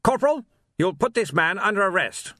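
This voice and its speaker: A man's voice: high-pitched, very animated, a little fast, bright, forceful tone, dry recording, clean studio sound, voice pushed up, exaggerated voice. A man voicing a pompous, stiff-necked army captain who gives clipped, haughty orders.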